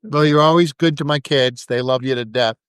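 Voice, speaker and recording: A man's voice: mid-range voice, fairly quick, fairly bright tone, clean tone, no room sound, clean studio sound. A man hosting a fishing podcast, chatting with enthusiasm and livening up when retelling stories. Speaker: podcast host. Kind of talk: conversational interview.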